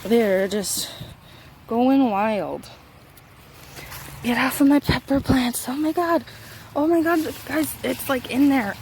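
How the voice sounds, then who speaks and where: Woman, excitable garden vlogger, slightly high voice, squeaky at times, talks to her plants, outdoors, handheld camera, faint background noise. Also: takes it slowly, long pauses. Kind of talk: casual garden tour.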